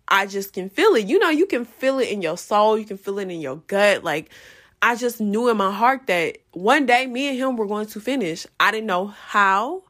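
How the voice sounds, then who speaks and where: A young woman hosting a podcast, telling a personal story in a casual, profane, animated way and jumping into loud re-enacted quotes. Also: medium pitch. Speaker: podcast host.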